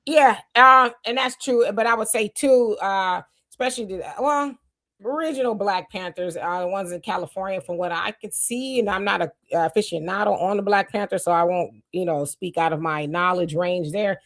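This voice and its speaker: A woman hosts a casual live chat at a middle pitch. She greets her viewers one by one, reads their comments aloud and answers them offhandedly. She often trails off with "I don't know.". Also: moderate pace, fairly bright tone. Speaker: livestream host.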